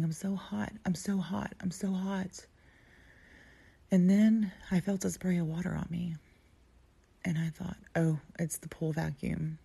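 A woman telling a personal story in an intimate way, often dropping to a breathy near-whisper. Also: fairly low pitch, dark tone. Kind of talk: personal story told aloud.

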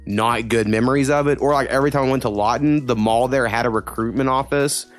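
A man's voice: mid-range voice, fast talker. Young guy rambling on a podcast, swears a bunch, faint music under it. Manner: rambling, swears a lot, many fillers. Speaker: podcast co-host. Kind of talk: casual chat.

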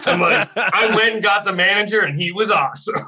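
A man's voice: high-pitched, moderate pace, sharp tone, slight background noise, poor audio. A man in casual chat telling a long story, rambling with many fillers and swearing freely. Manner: rambling, heavy on "like", swears a lot.

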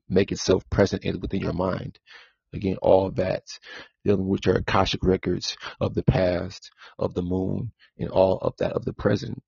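A man's voice: low-pitched, gravelly, darkish tone, breathy edge, no room sound. A man hosting a spiritual podcast monologue, repeating himself and circling back to the same points. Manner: repetitive, circling back with "again". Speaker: podcast host. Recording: dull lo-fi sound.

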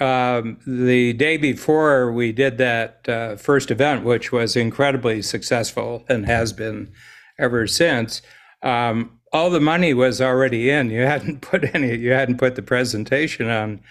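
An American man in his own voice, a podcast guest, talking at an ordinary pitch. He wanders through anecdotes, restarts his sentences and chuckles often, in loose conversation. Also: measured pace. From United States. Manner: rambling storyteller, laughs often, restarts.

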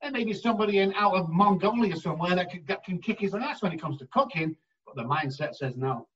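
A man working as an addiction therapist, telling stories in an interview in an emphatic, animated way and acting out the voices he quotes. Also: high-pitched, fast talker, recorded from a distance, highs cut off. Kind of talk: storytelling in a conversational interview.

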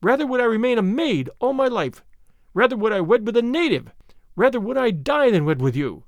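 A man's voice: high-pitched, huge pitch swings, moderate pace, dry recording, voice pushed up, heavily acted. A man voicing a proud young noblewoman in an audiobook, raising his voice for her and speaking with spirited indignation. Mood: indignant. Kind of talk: audiobook character reading.

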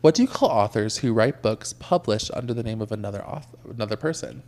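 A man's voice: on the low side, expressive, fast, darkish tone. A young man co-hosting a podcast, chatting casually, rambling and laughing easily while playing a trivia game. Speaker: podcast co-host. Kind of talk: casual chat.

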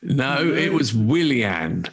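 Male host, animated delivery, jokey and quick to laugh. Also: mid-range voice. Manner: laughs often, lively storytelling. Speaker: podcast host. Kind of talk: casual chat.

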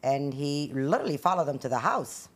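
A woman's voice: deep voice, animated, brisk. A middle-aged woman, the host's mother, animatedly retelling a family story and acting out each person she quotes. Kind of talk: casual storytelling chat.

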